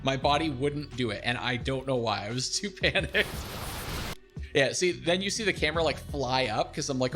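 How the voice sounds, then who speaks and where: Streaming a replay of a game he played, this young man chats casually, mocking himself with lots of laughter and energy. He speaks at a medium pitch, a little fast, over soft background music.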